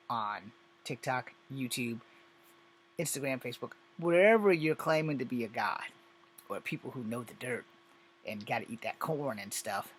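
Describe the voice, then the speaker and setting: A man's voice: medium pitch, fairly bright tone, a little hiss or hum. A man giving a profane, exasperated and sarcastic rant in a casual video, reacting to clips he has watched. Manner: exasperated, sarcastic, heavy swearing. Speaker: commentator on social media videos. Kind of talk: profane ranting commentary.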